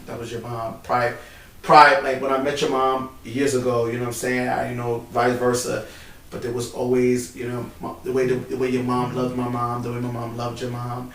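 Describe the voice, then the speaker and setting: A man's voice: mid-range voice, a bit bright. Guy chatting all heartfelt, saying bro a lot, echoey room, mic kinda far off. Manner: emotional, heartfelt, repeats "bro" and "man". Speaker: co-host. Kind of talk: casual chat. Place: large church building. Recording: roomy, distant mic, faint background noise.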